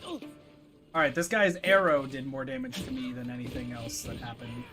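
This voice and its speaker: Goofy streamer with a lively voice. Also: medium pitch, moderate pace, over music. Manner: goofy, playful asides. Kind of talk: casual gameplay commentary.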